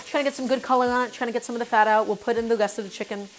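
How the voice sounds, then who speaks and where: A woman's voice: fairly high pitch, fairly even intonation, racing. Chatty woman cooking on a live stream. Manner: chatty, narrates each step and greets viewers. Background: faint music and sizzling pan.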